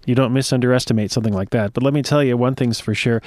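A man's voice: mid-range voice, fairly even intonation, racing, darkish tone, dry recording. A male show host with a dry, wisecracking, mock-serious way of talking, reading aloud from a web page. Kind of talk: joking talk and reading aloud.

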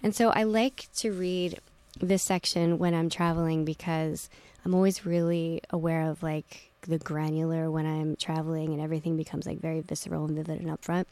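A woman novelist with a Philadelphia accent, chatting in a radio studio interview with quick, self-deprecating asides. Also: deep voice, level tone, warm tone, no echo. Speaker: novelist guest.

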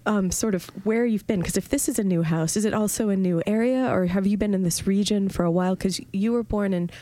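A woman's voice: medium pitch, brisk, dark tone, no room sound. A woman hosting an interview, eager and rambling, often restarting her questions. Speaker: interviewer host. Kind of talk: conversational interview.

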